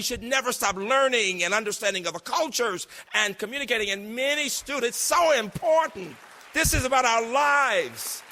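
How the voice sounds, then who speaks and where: A man's voice: extremely high pitch, expressive, normal speed, sharp tone. A man in his sixties giving an emphatic, story-filled conference speech as a university president, recorded in a large lecture hall. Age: 60s. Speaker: keynote speaker, university president. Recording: long reverb of a large hall.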